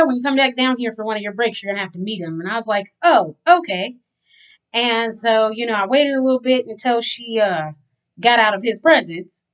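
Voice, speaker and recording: A woman telling a personal story to her viewers in a casual, chatty way, acting out the dialogue as she goes. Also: fairly high pitch. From Louisiana. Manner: chatty, animated retelling with acted-out dialogue. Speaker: vlogger. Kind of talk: candid storytelling to camera.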